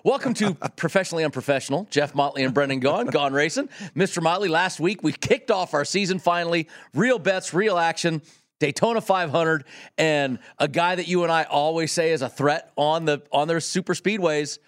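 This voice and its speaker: A man with a West Coast accent co-hosts a sports-betting podcast with a somewhat high voice. He's jokey and animated, often stumbling and restarting as he talks odds and results. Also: fairly quick. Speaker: podcast co-host. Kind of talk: casual sports-betting chat.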